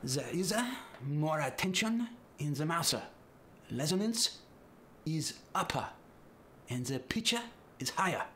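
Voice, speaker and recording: A man's voice: on the high side, expressive, slow pace, long pauses, sharp tone, a little hiss or hum. A man repeating phrases hesitantly, with many filler sounds. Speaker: accent demonstrator.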